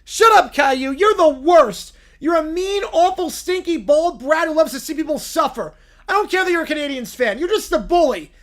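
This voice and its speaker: A man's voice: very high-pitched, lively intonation, moderate pace, a bit bright. A text-to-speech voice playing a male bear hockey fan who whines and wails over a loss. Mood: furious. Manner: wailing, petulant complaints. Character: whiny bear, sore hockey fan, throwing tantrums.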